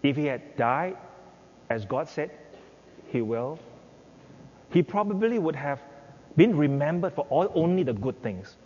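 A man's voice: expressive, unhurried, long pauses, darkish tone. An older man preaching a sermon as pastor, acting out pleading prayers in an impassioned voice. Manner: impassioned, acts out prayers with rising pitch. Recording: dull reverberant hall with faint noise.

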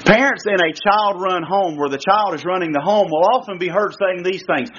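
A male guest preacher delivers a sermon in a fairly high voice, pressing his points with rhetorical questions and big swings in pitch. The recording sounds dull and lo-fi, like an old church tape. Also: normal speed, few pauses, fairly bright tone, a little hiss or hum.

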